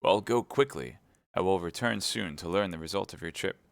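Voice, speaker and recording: A man's voice: low-pitched, moderate pace, creaky, no room sound. A man reading a classic novel aloud, voicing a scheming middle-aged mercer who speaks in an eager, self-satisfied way.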